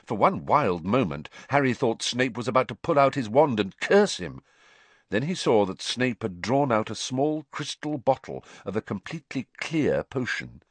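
A man narrating an audiobook in a measured, expressive storytelling manner. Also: medium pitch, dry recording. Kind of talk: scripted narration.

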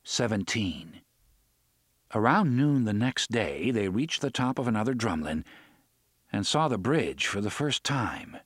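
A man narrating an audiobook in a steady, measured storytelling voice, close to the mic. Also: lowish voice, breathy edge, dry recording. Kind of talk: scripted narration.

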